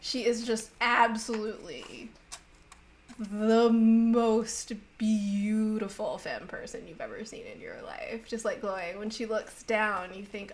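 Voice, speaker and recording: A woman's voice: medium pitch, steady tone, takes it slowly, rough recording. A woman narrating a tabletop game as game master in a playful storytelling way.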